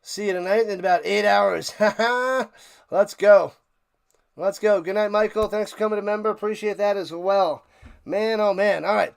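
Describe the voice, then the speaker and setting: A man hosting a sports live stream, chatting excitedly and a bit out of breath as he signs off to his viewers. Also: high voice, normal speed, vocal fry, clear, resonant tone. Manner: excited, rambling, talks to chat viewers. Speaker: sports livestream host. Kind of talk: casual live-stream sign-off chat.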